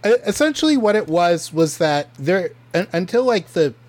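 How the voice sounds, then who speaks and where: A man's voice: high voice, very animated, moderate pace. A man casually telling a history story on a podcast, full of ums, likes and restarts. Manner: rambling, many fillers and restarts. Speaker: podcast co-host presenting history.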